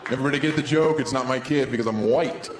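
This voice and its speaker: A man in his thirties performing a stand-up comedy set on stage with a handheld mic, sarcastic, with deadpan asides. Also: medium pitch, fast talker. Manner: sarcastic, deadpan asides, swoops into silly voices. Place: comedy stage before a live audience. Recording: echoey room, crowd laughter, background noise.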